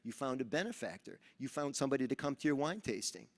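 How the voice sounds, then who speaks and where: A man from New York giving a motivational talk at a seminar, telling animated stories and acting out the dialogue. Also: mid-range voice, fast. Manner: animated storyteller who acts out dialogue. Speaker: Rotary speaker at a training seminar. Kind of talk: motivational speech with storytelling. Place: large event hall. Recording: reverberant hall.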